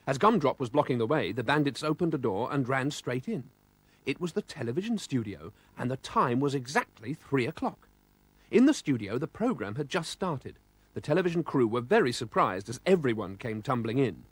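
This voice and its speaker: A man's voice: medium pitch, husky, dry recording. A man with a British accent narrating a children's storybook expressively, voicing sound effects.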